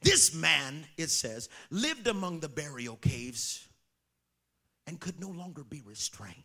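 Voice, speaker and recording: A man preaching a sermon, swinging from shouted lines to hushed whispers. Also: fairly high pitch, sing-song, slow, breathy edge.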